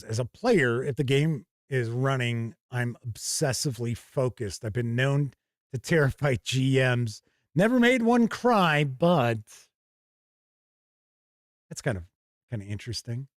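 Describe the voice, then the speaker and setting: A man's voice: medium pitch, no echo, clean studio sound. Casual man hosting a live chat show. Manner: chatty, reads out chat comments and responds off the cuff. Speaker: host reading viewer chat.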